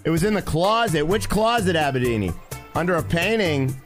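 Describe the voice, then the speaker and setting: Male game streamer, upbeat and chatty with viewers, slightly high voice. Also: fairly quick, soft background music. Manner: excitable, talks to chat constantly. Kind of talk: live gameplay commentary.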